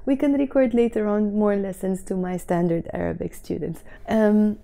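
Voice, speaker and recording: A young woman with a Lebanese accent, explaining phrases slowly and carefully in a casual vlog lesson. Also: medium pitch, creaky, dark tone. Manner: slow careful word-by-word explanations. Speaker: Arabic teacher.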